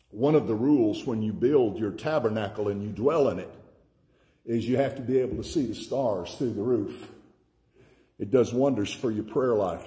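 A man from Tennessee preaching a sermon as pastor, slowing down and repeating key words for emphasis. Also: medium pitch, warm tone.

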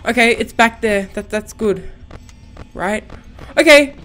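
High, panicky young woman gamer. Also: animated, normal speed, a bit bright, soft background music. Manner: panicky, gasping, swearing under her breath. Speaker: gaming channel host. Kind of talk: horror game let's-play commentary.

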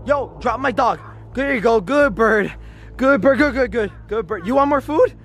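A man's voice: very high-pitched, expressive, normal speed, a bit bright. A man filming a vlog, talking frantically and repeating words, with music underneath. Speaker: vlogger. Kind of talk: excited casual vlog chatter.

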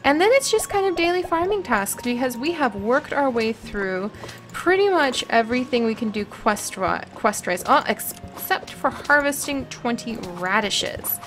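A woman's voice: high voice, fairly bright tone. Bubbly woman chatting over a farm game. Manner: chatty and bubbly, coos at animals. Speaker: gameplay vlogger. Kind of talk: casual gameplay commentary.

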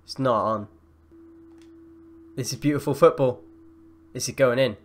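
Young man, gaming commentary, excitable, shouts at plays. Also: medium pitch, unhurried, long pauses. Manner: excitable, yells and gasps at plays. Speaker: gaming YouTuber. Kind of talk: live gameplay commentary.

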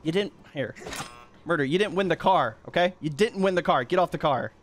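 A young man giving loud, excitable gameplay commentary, trash-talking other players, laughing and yelling often. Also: a little high, a little fast, slight background noise. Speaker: gaming YouTuber.

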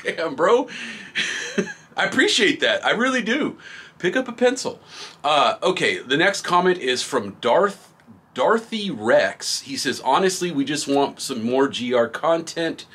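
A man's voice: fairly high pitch, very animated, measured pace, fairly bright tone, breathy edge. A middle-aged man hosting a graffiti supply channel, reading viewer comments in a laid-back, rambling way and laughing often. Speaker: graffiti product reviewer and shop host.

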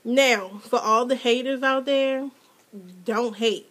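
A mother filming a casual unboxing vlog at home, gushing and excitable, her voice jumping to squeals when she is thrilled. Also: a little high, takes it slowly. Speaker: mother and hobby vlogger. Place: home with children nearby.

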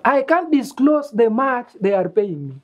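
Speaking a little slowly with big swings in pitch, this man has a very high, exaggerated voice. He's acting in a comedy web series as a bragging young student who orders his friends about, needles them, and plots a phony reality-show existence.

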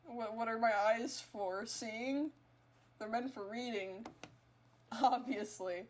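Woman gaming streamer; higher voice, unhurried delivery, playful teasing with melodramatic squeals. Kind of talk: live gameplay stream chatter.

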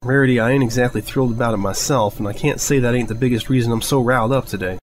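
A man's voice: medium pitch, very fast, slight background noise, lightly acted. A man doing a blunt, folksy farm pony mare. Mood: weary. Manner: folksy rural dialect, blunt.

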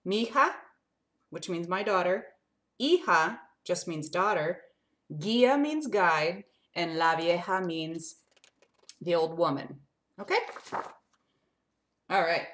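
Animated woman reading a picture book. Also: on the low side, slow pace, pauses often. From lives in Arizona desert. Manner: animated, sing-song, talks directly to young listeners. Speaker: children's book reader.

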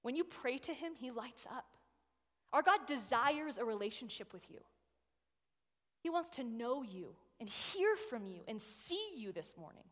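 A woman's voice: fairly high pitch, very animated, unhurried, fairly bright tone. Chatty woman preaching in a reverberant church. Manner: chatty, personal storytelling with frequent "right?". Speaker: guest speaker. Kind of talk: sermon. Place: church sanctuary. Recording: long hall reverb.

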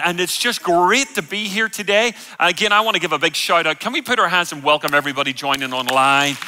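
A man in his fifties with an Irish accent, preaching a live sermon with jokes and playful banter with the congregation. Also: on the high side. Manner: jokey, loud, playful with the crowd. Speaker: guest pastor. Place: church auditorium. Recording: long hall reverb.

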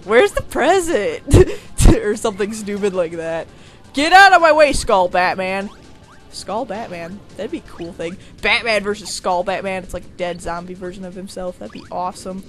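A medium-pitched let's play commentator chats casually and rambles about the gameplay. Excitable, he's quick to whine or shriek whenever something goes wrong.

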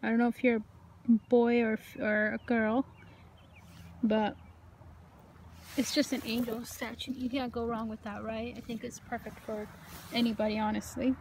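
A woman's voice: on the high side, flat delivery, normal speed, pauses often, a little mellow. Chatty woman vlogging outdoors, noisy. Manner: chatty, addresses viewers as you guys and y'all. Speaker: paranormal vlogger. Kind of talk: casual vlog, talking to viewers and spirits. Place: outdoor cemetery.

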